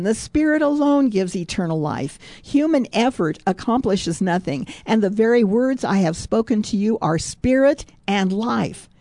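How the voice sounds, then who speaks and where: A woman's voice: medium pitch, warm tone, no room sound. A woman hosting a Christian radio program, reading scripture and daily confessions in a chatty way, often laughing and correcting herself.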